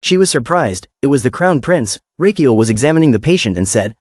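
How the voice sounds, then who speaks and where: Man, story recap narrator, lively pitch, dry close sound, plain storytelling. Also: brisk, no echo.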